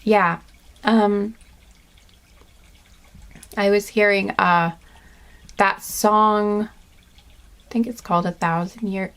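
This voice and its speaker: Woman, tarot reader, unhurried delivery, mid-range voice, rambling with fillers, earnest and chatty. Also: mid-range voice, steady tone, fairly bright tone. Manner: rambling, many fillers and restarts. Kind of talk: intuitive pick-a-card reading.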